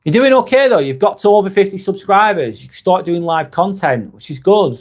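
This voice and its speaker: A man from northwest England with a Lancashire accent, talking loosely to his live stream audience. His voice sits a little on the high side. He speaks candidly, with a blunt edge and the odd swear word, as he reads out and answers viewer comments. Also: animated, a little fast. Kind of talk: casual live-stream chat.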